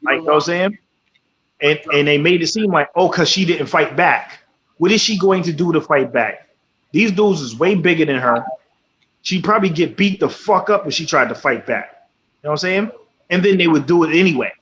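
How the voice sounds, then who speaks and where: This radio host talks a little fast in a somewhat high, bright, animated voice on a casual show. Blunt and heavy on swearing, he repeatedly asks "you know what I'm saying." The audio sounds slightly muffled, with faint noise behind it.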